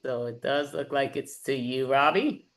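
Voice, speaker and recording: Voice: mid-range voice, a little slow, a bit bright. A host running an improv comedy game over a video call, giving casual instructions. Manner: casual, instructing, loose fillers.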